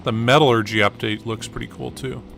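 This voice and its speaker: A man's voice: mid-range voice, steady tone, brisk, creaky, noisy background. A man giving casual gameplay commentary, rambling through a story with lots of ums and uhs. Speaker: gaming channel host.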